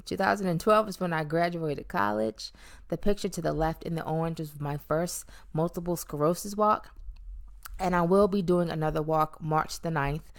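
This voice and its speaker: A woman vlogger with a low, gravelly voice recounts her weight-loss journey in a candid personal monologue. She sounds reflective and conversational, adding playful emphasis and plenty of "um"s.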